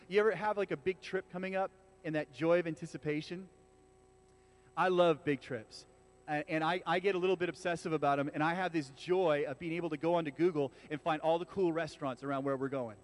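A man with a high-pitched voice delivers a sermon in a relaxed, conversational way. He talks to the congregation like friends, with lively asides and frequent restarts. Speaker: pastor. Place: church.

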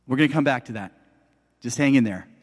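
A middle-aged pastor preaches quickly in a mid-range voice with a breathy edge, faint music playing behind him and long hall reverb on the recording. He talks to his listeners directly, casual but emphatic.

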